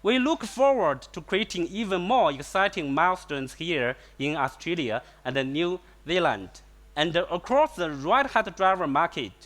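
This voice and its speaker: A company executive giving a prepared speech on an event stage in short, read-out phrases. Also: male voice, on the high side, sing-song, a little slow, a bit bright.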